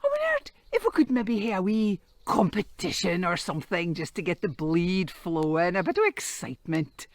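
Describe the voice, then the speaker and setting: A woman voicing a sly, bored male devil who is quick to rile, in a Doric Scots accent. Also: fairly low pitch, big pitch swings, no room sound, pitched below the performer's own voice. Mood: bored, wheedling.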